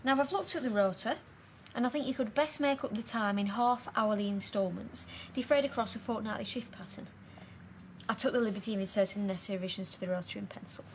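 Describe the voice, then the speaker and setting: A woman's voice: mid-range voice, a little hiss or hum, close to an everyday voice. An actress playing a fussy, officious woman organising a work rota in a TV soap drama. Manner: officious, rapid, wordy.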